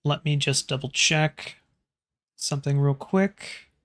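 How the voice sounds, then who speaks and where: A man serving as game master, narrating a tabletop horror game in a relaxed, conversational way, pausing to check his notes and ask the players what they do. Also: a little high.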